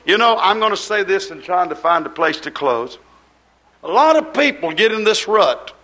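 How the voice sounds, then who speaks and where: A man preaching with a very high, bright voice. He delivers in a rhythmic, repetitive style, rising into exhortation and then dropping to quiet asides. His grammar is folksy and colloquial. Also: sing-song, normal speed, rough recording. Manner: swings between raised exhortation and low, quiet asides. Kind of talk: sermon.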